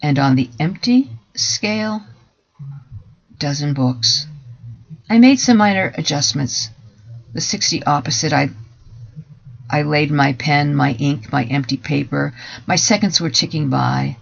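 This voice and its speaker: A man giving a dramatic first-person story reading in a measured, deliberate voice that drops to hushed softer passages. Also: fairly high pitch, vocal fry. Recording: dull lo-fi recording.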